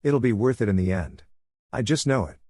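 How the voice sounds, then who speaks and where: A man's voice: medium pitch, expressive, fairly quick, dark tone, no echo, close to an everyday voice. A man voicing a weary stern colonel. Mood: determined. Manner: exasperated, tired.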